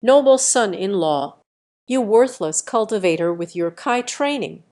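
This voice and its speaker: A woman's voice: mid-range voice, lively intonation, unhurried, a little mellow, natural voice. A woman voicing an arrogant, mocking young man in an audio story, in a plain reading voice. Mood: taunting. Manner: mocking, taunting.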